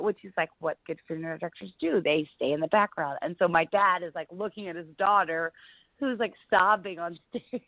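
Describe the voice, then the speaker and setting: Guest comedian, young woman, chatty and animated storyteller; dry, tinny phone-like sound. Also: fairly low pitch, brisk, dry recording. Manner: chatty, animated, lots of "like" fillers. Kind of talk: casual interview storytelling.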